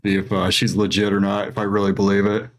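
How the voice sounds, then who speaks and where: A man's voice: lowish voice, monotone, fast talker. A man playing in a tabletop game, joking around and laughing a lot. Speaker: player. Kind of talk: casual game chat.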